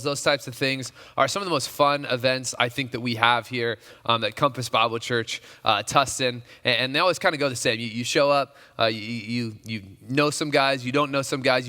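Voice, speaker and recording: A man preaching to a men's gathering as pastor in a relaxed, chatty way, full of restarts and fillers. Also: mid-range voice, clean tone, big-room sound. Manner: conversational, many restarts and fillers, animated. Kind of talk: casual sermon.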